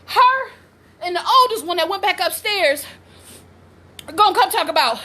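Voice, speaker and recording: Woman, 40s, home vlogger. Bright, lively, animated delivery with loud exclamations. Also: very high-pitched, moderate pace. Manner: excitable, loud exclamations, laughing and cursing. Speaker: vlogger and mother. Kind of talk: casual vlog. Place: at home, indoors.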